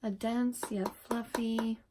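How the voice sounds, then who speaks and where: A woman's voice: a little high, level tone, takes it slowly, dark tone, slight background noise. A woman vlogger chatting casually through a makeup tutorial, rambling with self-deprecating asides, filmed at home on a tripod camera.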